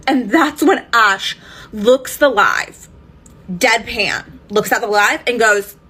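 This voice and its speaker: A woman's voice: a little high, expressive, slow pace, sharp tone, slightly rough. A woman casually recapping a story in an emphatic, indignant way, swearing freely. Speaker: storytime vlogger.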